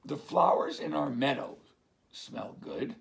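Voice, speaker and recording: A man voicing a bouncy flock of sheep in a storybook read-aloud, bleating in a high voice. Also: expressive, slow, vocal fry, exaggerated voice.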